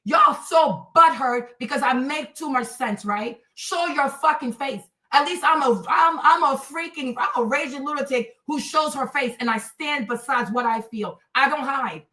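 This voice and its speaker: A woman in her thirties hosting a livestream, ranting at her chat in a combative, profane, mocking way with loud, emphatic repetition. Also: high voice, moderate pace, few pauses. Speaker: livestream host.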